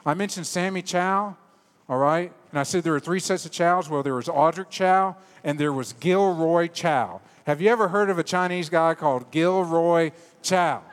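A man preaching a sermon in a church, animated and joking, then dropping to quiet, low emphasis. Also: moderate pace, in a large hall. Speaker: pastor. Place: church sanctuary.

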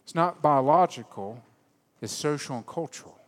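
A man preaching a sermon in a church, animated and joking, then dropping to quiet, low emphasis. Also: moderate pace, big-room sound. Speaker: pastor. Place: church sanctuary.

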